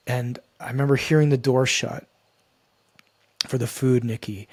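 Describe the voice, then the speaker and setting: Man, podcast guest, husky voice, earnest halting storytelling, dry close recording. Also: medium pitch, fairly even intonation, darkish tone, no echo. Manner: halting, earnest, repeats and restarts phrases. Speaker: guest, men's coach. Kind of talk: personal storytelling in a podcast interview.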